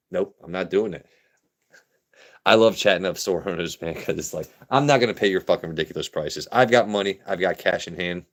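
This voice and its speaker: A young man from Maryland hosting a live stream, chatting casually, swearing and reading chat. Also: sits low. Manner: profane, animated, talks to chat. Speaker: livestream host.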